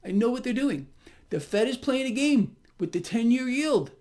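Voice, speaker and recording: A man's voice: very high-pitched, moderate pace. Chatty man giving a market wrap-up. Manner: animated, chatty, addresses viewers directly. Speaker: market commentary host. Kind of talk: casual market commentary to camera.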